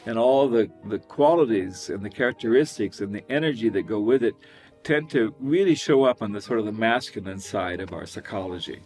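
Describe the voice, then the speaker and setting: A man teaching a singing lesson, talking about voice registers and breaking into sung falsetto whoops to demonstrate. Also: a little fast, soft background music. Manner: animated, demonstrates with high falsetto whoops and laughs. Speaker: vocal coach.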